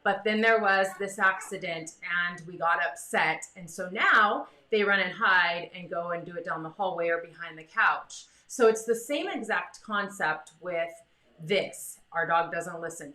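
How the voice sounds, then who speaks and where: A chatty woman gives dog training tips with a bright, forceful voice. She talks in a casual, animated way and slips into little voices for her dog. The sound rings in an echoey room. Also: lowish voice, normal speed. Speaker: dog breeder giving training advice. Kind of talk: casual advice talk to camera.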